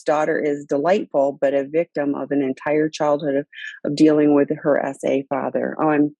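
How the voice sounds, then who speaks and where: A woman's voice: sits low, flat delivery, moderate pace, creaky, dark tone, dry recording. A woman hosting a podcast, chatting casually and hesitantly with frequent restarts and "you know"s. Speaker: podcast host. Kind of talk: casual chat.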